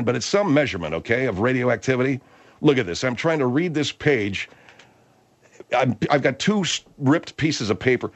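A man hosting a rambling comedy talk, reading news aloud haltingly and exasperated. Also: medium pitch. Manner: halting, stumbling reader, exasperated.

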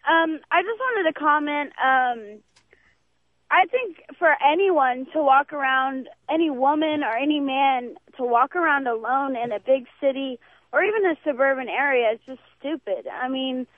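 A young woman in her twenties phones in to a talk show. She pauses with ums in a high voice, squeezed through a thin telephone line. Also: no room sound. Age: 20s. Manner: hesitant, with many ums. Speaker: caller. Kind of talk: phone call-in.

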